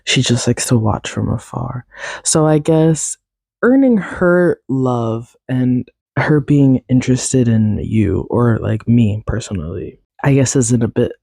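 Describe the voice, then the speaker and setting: A young woman talks on her own podcast in a raspy voice that still sounds congested from a recent cold. Her tone is mellow and low in brightness, and she rambles on with lots of fillers and self-deprecating asides. The recording is dry and close. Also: no echo. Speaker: podcast host. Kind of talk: casual solo chat.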